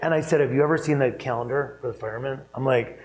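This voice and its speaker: A man speaking as a keynote guest in an on-stage interview, telling anecdotes in a chatty, animated way with frequent fillers and laughter. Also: medium pitch, quick pace, a crowd in the background, rough recording. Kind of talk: conversational storytelling on stage.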